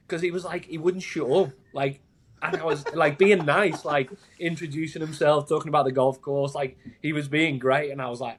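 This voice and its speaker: A man's voice: on the high side, steady tone, moderate pace, husky. A man, a caddie guest on a podcast, telling rambling anecdotes in casual chat, laughing often and filling his talk with "like".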